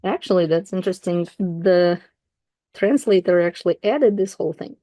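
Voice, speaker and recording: Low, mellow-voiced Russian-speaking woman teaching. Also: moderate pace, dry recording. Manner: relaxed, thinking aloud with fillers and self-corrections. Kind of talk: explaining a text while reading aloud.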